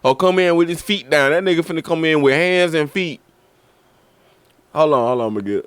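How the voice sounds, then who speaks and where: A man on a stream, loud and slangy, trash-talking in quick bursts. His voice is a touch high, smooth and clear, and sits close on a dry mic with no room around it. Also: no echo. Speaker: streamer host reacting to a video. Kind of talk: casual chat.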